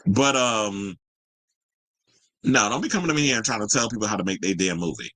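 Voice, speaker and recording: A man hosting a casual pop culture podcast, sassy and animated, reading viewer comments and riffing on them. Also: lowish voice, fast talker, dry recording, rough recording. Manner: sassy, animated, reads chat comments aloud. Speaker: podcast host.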